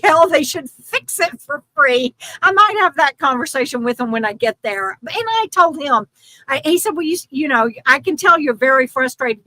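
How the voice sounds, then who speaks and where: Bright-voiced older woman chatting frustrated. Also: high voice, dry recording, rough recording. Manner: rambling, frustrated, many restarts and fillers. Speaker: YouTube channel host. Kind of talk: casual livestream chat.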